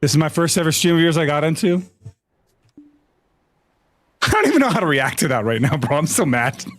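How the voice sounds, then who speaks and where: Animated, exasperated young male streamer. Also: a little high, brisk. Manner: exasperated, swearing, laughing at chat. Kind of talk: live stream chat. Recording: faint music behind. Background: faint music.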